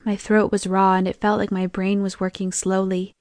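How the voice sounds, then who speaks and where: A woman's voice: medium pitch, level tone, moderate pace, a little mellow, no room sound. Young woman narrating an audiobook, dry sound. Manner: tense, emotive storytelling. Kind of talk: first-person audiobook narration.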